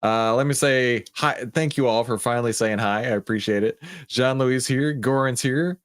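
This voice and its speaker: A man's voice: mid-range voice, normal speed, clean tone. A man with a Texan accent hosting a casual livestream, chatting and greeting viewers by name. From Texas. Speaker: livestream host.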